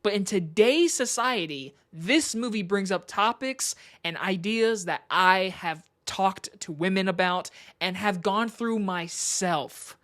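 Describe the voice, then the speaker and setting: A woman's voice: mid-range voice, takes it slowly, few pauses, a bit bright. A woman giving a casual, enthusiastic spoken movie review, chatty and full of "like" fillers. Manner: chatty, enthusiastic, heavy use of "like".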